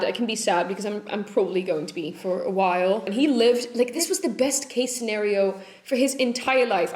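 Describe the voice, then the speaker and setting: Rambling young woman vlogging in an echoey room. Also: mid-range voice. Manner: rambling, tearful and candid, swears often. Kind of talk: casual vlog chat. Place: home room.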